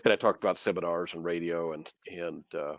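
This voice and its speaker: A man's voice: deep voice, steady tone, brisk, no room sound. A man hosting a sales webinar, giving short affirmations and then promoting the guest's coaching. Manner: brief affirmations, promotional wrap-up. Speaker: webinar host. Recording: dull lo-fi audio, dry.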